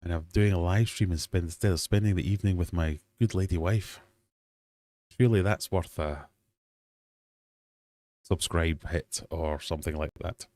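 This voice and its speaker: Deep-voiced Scottish man hosting a livestream. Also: normal speed, pauses often, darkish tone. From Scotland. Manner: jokey, self-deprecating banter with chat. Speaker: livestream host. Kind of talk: casual livestream chat and quiz. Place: home fish room.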